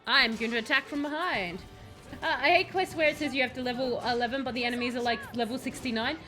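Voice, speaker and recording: A young woman streaming a game, chatting casually and excitedly, joking and calling out to her companions. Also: high voice, fast, soft background music. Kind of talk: casual live gameplay commentary.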